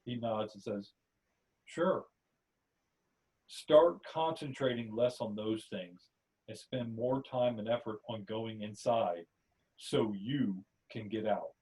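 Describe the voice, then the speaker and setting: A man's voice: lowish voice, slow, warm tone, recorded from a distance, low-quality recording. Man narrating a second-person story. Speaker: podcast host, story narrator. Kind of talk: reading a spiritual story aloud. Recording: voice somewhat off-mic.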